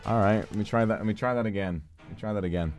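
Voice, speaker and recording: A male streamer giving animated gameplay commentary, swearing and yelling at the game. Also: on the low side, rapid-fire, faint music behind.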